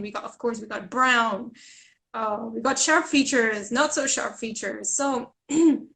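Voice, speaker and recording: Earnest woman guest, high-ish voice, American accent with faint Indian traces, restarts sentences. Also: fairly bright tone. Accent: American with slight Indian hints. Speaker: guest, journalist and author. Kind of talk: casual conversation.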